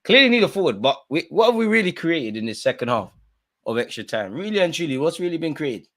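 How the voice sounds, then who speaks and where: A man's voice: a little high, sing-song, quick pace, a bit bright. A young man hosting a live football watch-along, ranting at the referee and swearing, full of street slang. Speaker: streamer.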